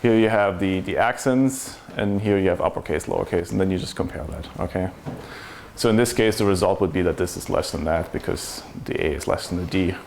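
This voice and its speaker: A man's voice: low-pitched, a little fast, vocal fry, darkish tone, a little hiss or hum. A man giving a technical conference talk to a room, explaining step by step and asking rhetorical questions. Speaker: conference speaker.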